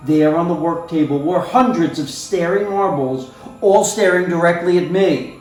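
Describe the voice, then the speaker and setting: A man reading a storybook aloud in an expressive, playful way, talking to the listener now and then. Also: on the high side, moderate pace. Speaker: storybook reader. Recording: very echoey room, faint music.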